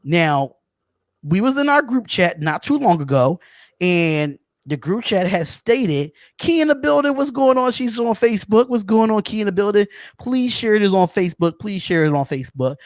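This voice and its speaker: A man hosting a casual sports talk podcast, animated and chatty, calling out to viewers. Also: high-pitched, normal speed, no echo, studio quality. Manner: animated, shouts out viewers, says y'all. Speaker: podcast host.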